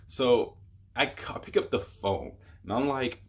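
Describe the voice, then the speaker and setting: A man's voice: medium pitch, lively intonation, a little slow. A young man telling a rambling, exasperated storytime on his vlog, full of fillers. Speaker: YouTuber.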